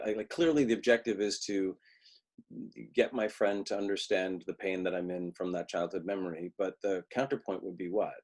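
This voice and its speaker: A man's voice: lowish voice, a little fast, a little mellow. A man teaching acting in a webinar, talking conversationally with frequent restarts and briefly acting out lines he quotes. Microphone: video call.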